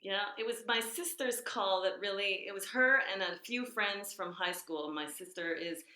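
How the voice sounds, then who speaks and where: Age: 40s. Sex: woman. Role: podcast guest, golf and fitness trainer. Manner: animated storyteller. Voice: bright and forceful. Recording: echoey room. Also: medium pitch, moderate pace. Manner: animated, acts out her own inner voices. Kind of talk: casual storytelling in a podcast interview.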